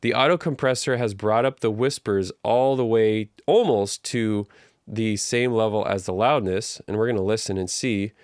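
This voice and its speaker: A man teaching an audio engineering tutorial in a relaxed, conversational way, walking through each step. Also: on the low side, normal speed, clean tone, no echo, clean studio sound. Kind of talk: casual tutorial explanation. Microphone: studio microphone through live compression.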